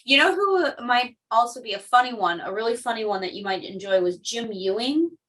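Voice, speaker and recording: A woman's voice: on the high side, expressive, a little fast, a bit bright, recorded from a distance, rough recording. A woman hosting a podcast, chatting casually and telling stories with a laugh now and then. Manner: chatty storyteller, laughs often. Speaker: podcast host. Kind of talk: casual chat.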